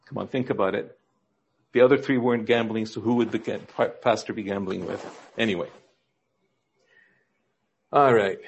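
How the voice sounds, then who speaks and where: A man preaching a sermon, telling jokes in a storytelling way and acting out the quoted characters with rises in pitch. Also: moderate pace, long pauses, dull audio, slight background noise. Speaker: pastor.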